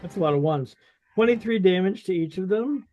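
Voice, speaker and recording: A man playing in a tabletop game, relaxed and a bit hesitant as he talks. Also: sits high, brisk, soft background music. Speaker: player.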